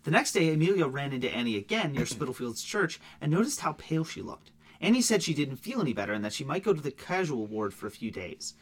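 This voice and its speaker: A man co-hosts a casual true-crime podcast. He reads through case notes at a brisk clip with plenty of swing in his pitch and drops in quick offhand asides. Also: sing-song. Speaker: podcast co-host.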